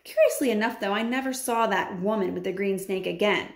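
A woman reads a children's story aloud with lively expression, stopping now and then for chatty asides. Her voice sits at a middle pitch and rings in a roomy, echoey space. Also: a little fast. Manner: animated, adds chatty comments. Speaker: teacher reading aloud. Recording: roomy echo.

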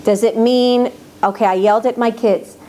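A woman's voice: fairly high pitch, fairly even intonation, moderate pace, dark tone. Earnest woman lecturing on faith. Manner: earnest and emphatic, repeats words for stress. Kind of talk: religious lecture to women.

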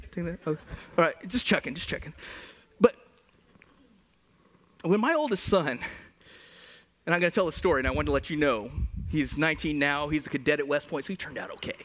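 A man in his forties, a pastor, preaching a humorous sermon with lively stories. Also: on the high side, brisk, pauses often. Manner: animated, humorous, storytelling. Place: church.

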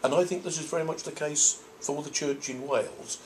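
A man's voice: a little high, brisk, a little mellow, a little hiss or hum. An older man from Norfolk, a priest, answers audience questions in a thoughtful, rambling way with frequent restarts. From Norfolk, England. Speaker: priest and convention guest.

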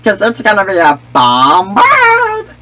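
A man's voice: high-pitched, wildly swooping pitch, takes it slowly, highs cut off, very noisy, full character voice. A young man voicing a goofy, clumsy male alien sidekick in a squawky, cracked voice with broken grammar, taunting other players. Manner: taunting, trash-talking.

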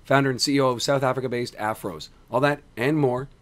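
Guy hosting, voice shot and hoarse, lively and joking around. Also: mid-range voice, fast talker. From Canada. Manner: animated, self-deprecating, energetic. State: hoarse from screaming. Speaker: podcast host. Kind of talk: casual show banter.

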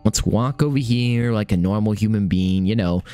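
A young man commentating his own game run, excitable and swearing, talking to himself. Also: on the low side, moderate pace, smooth, faint music behind. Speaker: gaming streamer. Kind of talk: live let's-play commentary.

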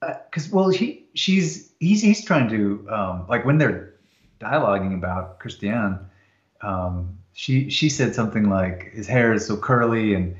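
Man, podcast host, low voice, hesitant, roomy dull recording. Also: lively intonation, a little slow. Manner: hesitant, with many fillers and restarts. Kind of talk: conversational literary discussion.

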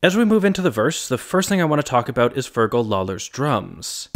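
A man's voice: medium pitch, big pitch swings, a little fast. A man hosting a music analysis video, giving scripted narration and walking through musical examples step by step.

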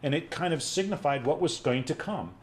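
A man's voice: fairly high pitch, a little fast. Man telling stories over a video call. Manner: animated storyteller, lecturing. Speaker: panelist, music professor. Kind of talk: casual webinar discussion.

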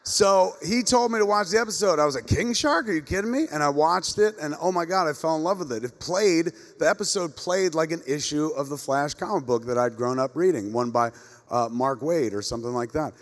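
A man's voice: on the high side, fairly quick. Middle-aged man telling profane stories in an echoey hall. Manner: animated, profane, rambling anecdotes. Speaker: panel moderator. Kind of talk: comedic storytelling to a live audience. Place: comic convention panel stage. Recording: echoey convention hall with long reverb.

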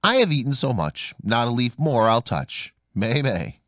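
A man voicing a wicked, lying nanny goat who chants her rhymes in a slow, drawn-out sing-song that ends in bleats. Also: medium pitch, sing-song, a bit bright, no room sound, studio quality.

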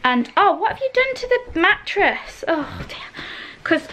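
A woman's voice: extremely high pitch, very animated, a little slow, pushed and bright. A woman chatting to the camera in a casual home vlog. She rambles and keeps breaking off to coo at and scold her small kids. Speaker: vlogger and mother. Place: family home indoors and in the garden. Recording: noisy home camera recording.

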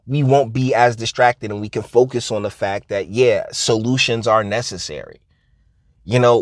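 Guy ranting on his vlog, keeps cutting himself off and laughing, kinda high voice. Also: no echo, clean studio sound. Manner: rambling, self-interrupting, laughs often. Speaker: vlogger. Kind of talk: casual comedic rant.

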